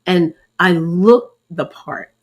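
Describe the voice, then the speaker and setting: A woman's voice: on the low side, slow pace. A middle-aged woman, sharing a faith-based personal testimony in an earnest, preacherly way and calling her listeners y'all. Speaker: host.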